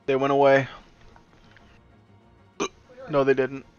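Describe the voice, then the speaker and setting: A man's voice: mid-range voice, completely flat delivery, takes it slowly, darkish tone, clean tone, no room sound, lo-fi sound, faint music behind. A man streaming a game, chatting casually and joking with viewers. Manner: chatty, joking, reads on-screen lines aloud.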